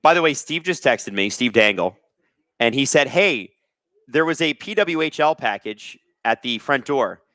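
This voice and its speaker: A man's voice: mid-range voice, normal speed, dry recording. Guy from canada doing casual hockey watch-along stream, jokey, reads chat, voice jumps around a lot, dry close sound. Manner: jokey, reads chat aloud, bursts of excitement.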